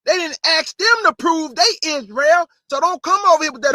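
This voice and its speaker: High-voiced, fiery street preacher man. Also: normal speed, dry recording, clean studio sound. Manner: blunt, streetwise and combative; rising to forceful emphasis. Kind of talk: fiery sermon with scripture reading.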